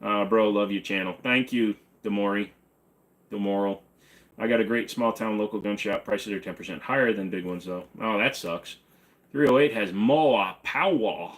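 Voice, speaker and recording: A man's voice: on the low side, fairly even intonation, normal speed, a bit bright. Joking man reading his live chat. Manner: joking, offhand, hums and scats to himself. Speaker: livestream host answering chat questions. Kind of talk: casual livestream chat. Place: home room with guns on the wall behind him.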